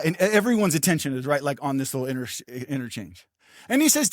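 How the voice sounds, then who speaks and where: An older man preaching a sermon as pastor, telling a story with animated, acted-out quotes. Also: a little high, quick pace, dry recording, studio quality.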